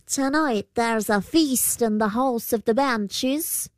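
A woman's voice: fairly high pitch, takes it slowly, no room sound, studio quality, voice pushed up. A woman voicing a menacing male horned fairy creature in a spoken storybook, snarling and commanding. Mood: sly.

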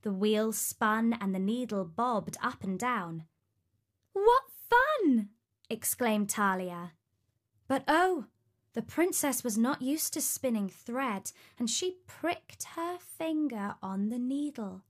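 Female storybook narrator: higher voice, slow, expressive delivery. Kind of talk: storybook reading.

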